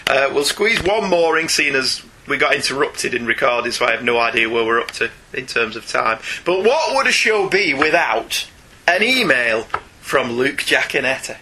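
A man's voice: medium pitch, big pitch swings, normal speed, bright, forceful tone, slight background noise. A man hosting a podcast, reading out listener emails in a chatty, jokey way. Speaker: podcast host.

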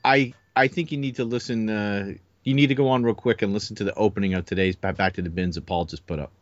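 A man's voice: lowish voice, fairly even intonation, fast talker, no echo. Chuckling man, dry muffled audio. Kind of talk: casual chat.

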